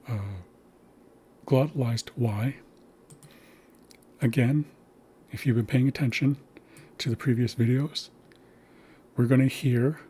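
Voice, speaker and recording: A man's voice: medium pitch, dark tone, husky. A man teaching a language lesson, patiently spelling out sounds and words.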